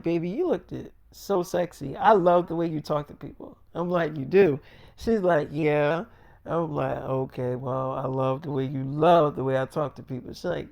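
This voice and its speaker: A man's voice: fairly high pitch, darkish tone. Rambling, boastful slangy man. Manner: boastful, slangy street talk; rambling, repeats fillers like "like". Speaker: storyteller. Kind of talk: rambling casual monologue.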